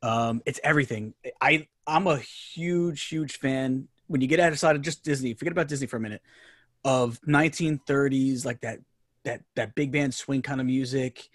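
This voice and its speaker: A man's voice: medium pitch, normal speed, no room sound, clean studio sound. A man with a New York accent, a podcast guest chatting enthusiastically and rambling with many restarts. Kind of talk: casual chat.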